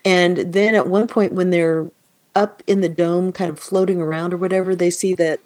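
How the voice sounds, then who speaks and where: A woman's voice: lowish voice, fairly even intonation, moderate pace, a little mellow, no room sound. A woman co-hosting a casual book discussion, retelling scenes animatedly and reading passages aloud.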